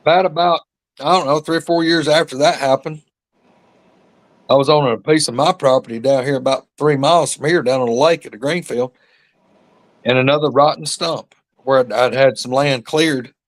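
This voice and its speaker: A man's voice: mid-range voice, fairly even intonation, normal speed, no echo. Man spinning a rambling yarn. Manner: drawling rural storyteller, calls listeners y'all. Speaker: podcast host. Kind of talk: casual storytelling chat.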